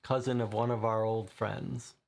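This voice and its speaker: A man's voice: lowish voice, steady tone, moderate pace, gravelly, darkish tone, slight background noise. A man reading a gamebook aloud to viewers and explaining his choices as he goes. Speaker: player and reader of a gamebook. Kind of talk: reading a game aloud with commentary.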